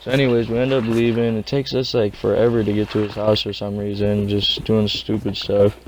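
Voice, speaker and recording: A man's voice: on the low side, flat delivery, a little fast, a little hiss or hum. A young man casually telling a rambling, slangy story. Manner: rambling, slangy, laid-back.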